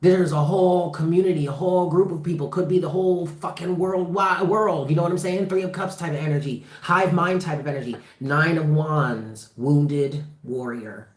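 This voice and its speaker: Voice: mid-range voice, moderate pace, hardly any pauses. A tarot reader doing a livestreamed reading in an emphatic, impassioned way, swearing freely and repeating phrases for emphasis. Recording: roomy echo.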